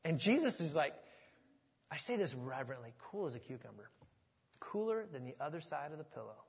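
Animated male preacher, high husky voice, sermon, goes from loud bursts to soft asides. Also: brisk. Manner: animated, swings from loud excitement to hushed asides. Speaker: pastor. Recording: long reverb of a large hall.

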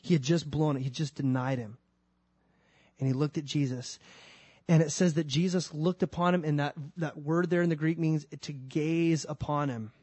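A man's voice: a little high, fairly even intonation, normal speed, darkish tone, slightly rough, no echo. Conversational male preacher, dry sound. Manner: conversational, emphatic storytelling. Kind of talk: sermon.

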